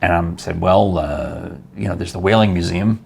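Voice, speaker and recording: Older man, talk show host, from New York, very low voice, husky, chatty. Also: moderate pace, a little mellow. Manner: chatty, rambling, laughs often. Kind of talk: casual interview chat.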